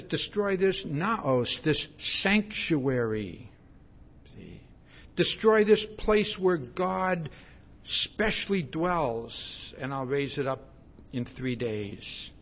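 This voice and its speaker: Slow, emphatic preacher man. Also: a little high, lo-fi sound. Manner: slow, emphatic preaching with frequent "see?" asides. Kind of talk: sermon.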